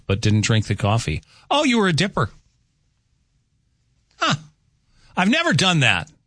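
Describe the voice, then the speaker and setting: A man's voice: on the low side, a bit bright. A man hosting a morning radio show, chatting casually, joking and reading listener texts aloud at a studio microphone.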